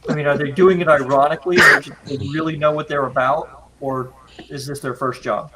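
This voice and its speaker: A man's voice: on the high side, fairly even intonation, fairly quick, heavy background noise. A man chatting casually on a podcast, musing aloud in a wry way. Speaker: podcast guest. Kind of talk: casual chat.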